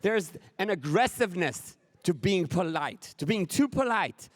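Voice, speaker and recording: A middle-aged man from Israel with an Israeli accent, a Hebrew speaker doing an animated stand-up speech at a conference, acting out scenes with exasperated outbursts. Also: sits high, unhurried, no room sound.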